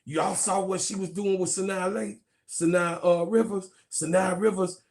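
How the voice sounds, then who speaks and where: Loud, profane man with a high, gravelly voice. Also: fairly even intonation, moderate pace. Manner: loud, profane, laughing, calls out to viewers. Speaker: sports vlogger. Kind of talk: casual comedic sports commentary.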